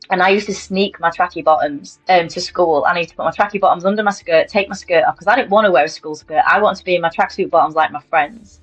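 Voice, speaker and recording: A woman with a lowish voice talks candidly through her own story in an interview. Her delivery is chatty and full of fillers. The recording is dull and lo-fi, with faint music underneath.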